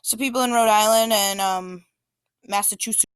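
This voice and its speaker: A woman's voice: mid-range voice, fairly even intonation, unhurried, a bit bright, smooth. A woman giving an informal presentation about maps, talking casually with many fillers and small restarts. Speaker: student presenter.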